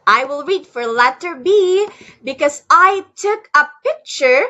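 An online English tutor gives a one-on-one lesson over a video call, drilling words for her student to repeat and praising every answer. Her voice is high-pitched, expressive and bright, with a forceful tone and an unhurried pace. The audio, captured on a headset or computer mic, sounds dull.

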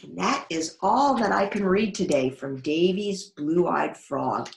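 A woman librarian reading a children's storybook aloud in a slow, expressive way. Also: fairly low pitch, gravelly. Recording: echoey room.

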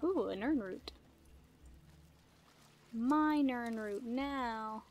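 A woman giving casual gameplay commentary, playful and easily startled, laughing often and yelling at enemies. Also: fairly high pitch, drawn-out words. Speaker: gaming video creator.

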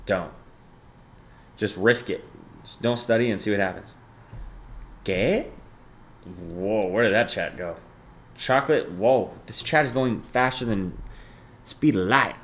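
A young man hosting a live stream, reading chat aloud and thanking viewers, jumping between loud bursts of excitement and low mumbled asides. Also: unhurried, long pauses, slight background noise. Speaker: livestreamer.

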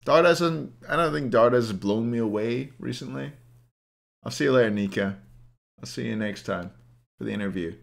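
A hungover young man with a mid-range, gravelly voice speaks at normal speed in a casual live stream. He ranks players and rants at his chat, swearing a lot.

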